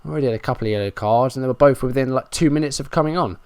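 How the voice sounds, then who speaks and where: A man's voice: mid-range voice, racing, clear, resonant tone, dry recording. Frustrated man narrating a match. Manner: running play-by-play, frustrated and self-mocking. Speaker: gaming YouTuber. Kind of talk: Let's Play commentary.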